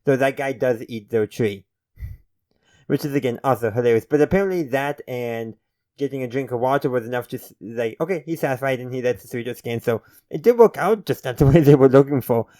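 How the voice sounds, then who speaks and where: A man's voice: mid-range voice, lively intonation, fairly quick, mellow, no echo. A man hosting his own channel, casually reviewing a TV episode in a rambling, self-correcting way and chuckling now and then. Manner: friendly sign-off to viewers.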